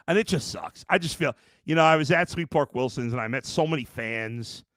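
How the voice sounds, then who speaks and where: A man's voice: mid-range voice, fairly quick, fairly bright tone, no echo, clean studio sound. A man hosting a sports podcast after a game, ranting in an exasperated way and reading out chat comments. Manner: ranting, exasperated, with many restarts. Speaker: podcast host.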